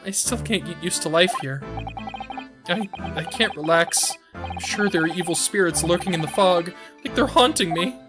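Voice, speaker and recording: A woman's voice: fairly low pitch, moderate pace, natural voice. Woman doing nervous stammery young scholar guy, game music behind. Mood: fretful. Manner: anxious, stammering, rising to panic. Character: nervous young male Japanese scholar, jumpy. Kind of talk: streamer reading game dialogue aloud.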